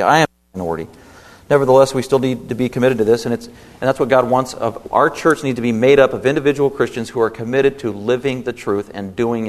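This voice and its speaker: Emphatic preacher in a reverberant church. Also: male voice, medium pitch. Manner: emphatic, with rhetorical tag questions. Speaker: pastor. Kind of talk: sermon. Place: church sanctuary. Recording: long hall reverb in a church.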